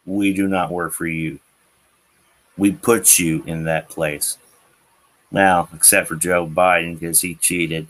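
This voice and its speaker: A slow, profane man on a bright-voiced rant. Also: low-pitched, poor audio. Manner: profane, emphatic, repetitive. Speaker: political commentary host. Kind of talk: angry political rant.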